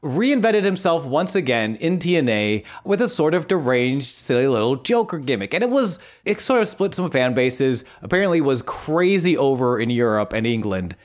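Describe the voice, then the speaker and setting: Excitable, profane male podcast co-host. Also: mid-range voice, moderate pace, hardly any pauses. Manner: excitable, profane, self-mocking storyteller. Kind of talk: casual podcast chat.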